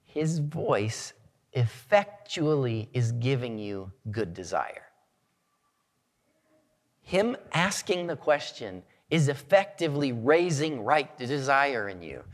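A man preaching a sermon as pastor, earnest and measured, lifting his voice for emphasis. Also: mid-range voice, very animated, long reverb tail.

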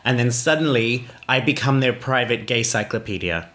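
A man's voice: medium pitch, animated, normal speed, a bit bright, a little hiss or hum. A man chatting casually and cracking wry jokes. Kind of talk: casual chat.

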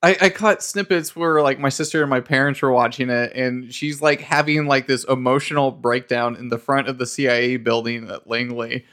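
A man's voice: medium pitch, fairly even intonation, normal speed, hardly any pauses, fairly bright tone. A man co-hosting a podcast, talking casually in a rambling way with lots of fillers. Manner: rambling, with frequent fillers and laughter. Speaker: podcast co-host. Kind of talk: casual chat.

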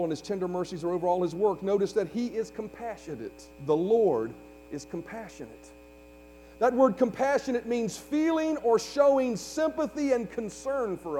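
A man with a strikingly high voice preaches from the pulpit, stirring his congregation and asking them to answer back. His words ring out into a big reverberant church. A faint electrical hum runs underneath. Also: warm tone. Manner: preaching with rising fervor, call-and-response with congregation. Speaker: pastor. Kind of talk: sermon. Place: church sanctuary.

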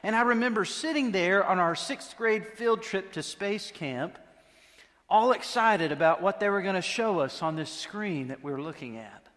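A man preaching a sermon, telling a story in a conversational way with dramatic pauses. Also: high-pitched, animated, fairly bright tone. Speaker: pastor. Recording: long reverb of a large hall.

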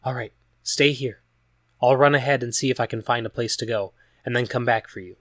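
A man voicing a caring, determined woman in a storybook reading who asks gentle questions and sometimes speaks in a hush. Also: mid-range voice, brisk, no echo, clean studio sound, natural voice. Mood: urging. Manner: gentle questioning, hushed at times.

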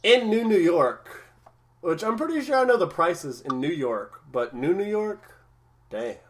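A man in casual podcast chat, rambling through his points with lots of restarts and easy laughter. His voice sits a little high for a man. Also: big pitch swings, a little slow. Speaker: podcast co-host. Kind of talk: casual episode recap chat.

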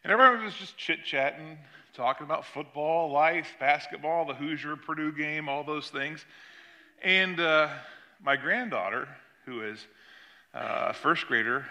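A man's voice: measured pace, bright, forceful tone. An older man, a pastor, preaching a sermon and telling a story about his granddaughter. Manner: storytelling, acts out quoted voices with rising pitch.

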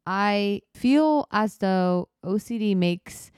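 A woman's voice: mid-range voice, expressive, slow, darkish tone, clear, resonant tone, dry recording, clean studio sound. A woman in her twenties hosting her own podcast, talking in a candid, rambling, self-reflective way. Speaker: podcast host. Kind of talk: casual solo podcast talk.

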